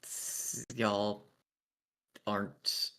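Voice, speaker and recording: A man voicing a small, adorable cleric in a tabletop game, speaking hesitantly with many pauses. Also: fairly low pitch, flat delivery, pushed and bright, heavily acted. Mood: worried. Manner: hesitant, hedging, lots of uh.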